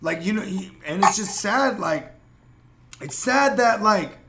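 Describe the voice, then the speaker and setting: With a high, expressive voice at a measured pace, a man from San Jose, California, hosts a casual podcast, and the audio is very noisy. He rambles heatedly, swearing and constantly restarting between fillers.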